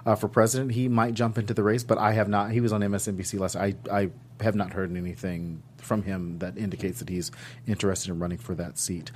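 A man co-hosting a podcast, talking politics in casual, halting chat with frequent restarts and laughter. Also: fairly low pitch, steady tone, slight background noise. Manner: conversational, halting restarts, laughs at own jokes. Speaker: podcast co-host.

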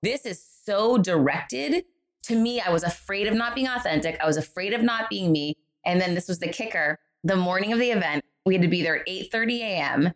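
Animated woman telling a story. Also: medium pitch, a little fast. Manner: animated, acts out quoted voices. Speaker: guest, author and speaker. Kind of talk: storytelling in a podcast interview.

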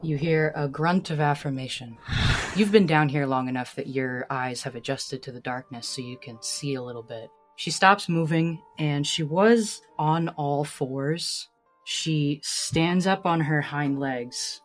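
A woman narrating a tabletop game as game master, describing scenes slowly in the second person. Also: deep voice, faint music behind.

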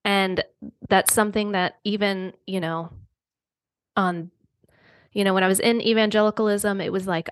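A middle-aged woman talking as a podcast guest in an earnest, rambling way, circling back through fillers and restarts. Her pitch sits in an ordinary middle range, and the recording is dry and close, with no room sound. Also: normal speed, no room sound. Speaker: guest author. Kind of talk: reflective podcast conversation.

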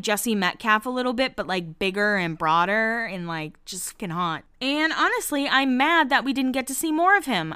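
A woman's voice: a little high, sharp tone, smooth. A woman hosting a podcast, giving a casual, gossipy recap in a candid style with casual swearing. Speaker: podcast host recapping a reality show.

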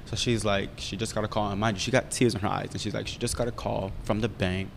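A young man rattles through a story at a quick clip, his voice sitting a little low. He talks candidly and animatedly, swearing freely, and the room adds a long, ringing reverb. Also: flat delivery, vocal fry. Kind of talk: casual storytelling chat. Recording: roomy reverb with faint rumble.

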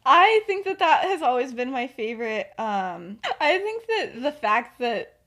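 A young woman with a high, bright-sitting voice that swoops up and down a lot. She retells a story casually on her podcast, rambling with plenty of fillers and breaking into giggles often. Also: very animated, unhurried. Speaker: podcast host.

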